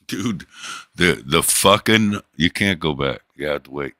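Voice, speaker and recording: A man's voice: deep voice, expressive, slow, bright, forceful tone, no echo, studio quality. A middle-aged man hosting a livestream, talking in a crude, boastful and teasing way. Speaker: livestream host. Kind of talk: casual livestream chat.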